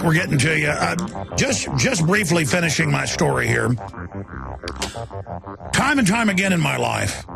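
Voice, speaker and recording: A man's voice: fairly high pitch, creaky, fairly bright tone. A man from Texas, hosting a talk radio show and ranting in a heated, rambling way, often repeating words as he restarts.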